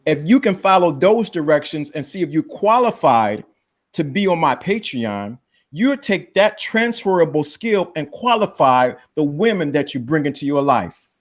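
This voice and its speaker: Man, livestream panelist, lecturing and preachy, slightly higher voice. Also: normal speed. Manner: preachy, lecturing, lively pitch jumps for emphasis. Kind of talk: casual livestream chat.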